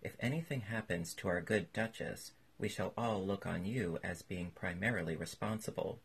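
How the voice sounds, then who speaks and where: Man doing a polite formal old gent, deep and raspy. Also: moderate pace, exaggerated voice. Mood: courteous. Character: courteous old literary gentleman.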